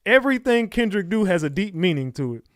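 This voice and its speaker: A man's voice: high voice, big pitch swings, quick pace, no room sound, clean studio sound. A man commenting in a casual vlog, sarcastic and slangy.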